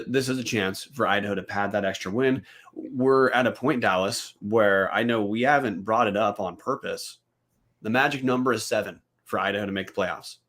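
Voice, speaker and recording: A man's voice: lowish voice, fairly bright tone. A man co-hosting a college football podcast, breaking down playoff odds bluntly and swearing casually. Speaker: podcast co-host. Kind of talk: casual sports podcast chat.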